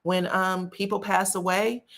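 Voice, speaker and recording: A woman's voice: mid-range voice, little pitch movement, a little slow, fairly bright tone. A woman hosting a gossip channel, chatting casually to her viewers with lots of um fillers. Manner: chatty, frequent um fillers, addresses viewers directly. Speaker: host of a celebrity gossip channel.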